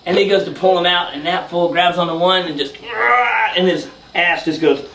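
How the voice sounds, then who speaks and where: High, bright-voiced man telling a rowdy story. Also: moderate pace. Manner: profane, laughing, animated retelling. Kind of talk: casual storytelling. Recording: roomy, distant mic with faint noise.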